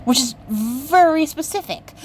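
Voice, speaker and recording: A woman's voice: high-pitched, animated, unhurried, a little hiss or hum, rough recording. A young woman hosting a craft channel, retelling a fairy tale in a chatty, playful way with lots of fillers. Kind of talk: casual story retelling.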